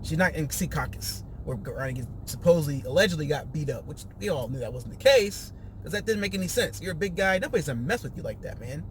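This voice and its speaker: A man's voice: fairly high pitch, lively intonation, fast, slight background noise. A man hosting a casual podcast, recapping a reality show and acting out quotes in raised voices.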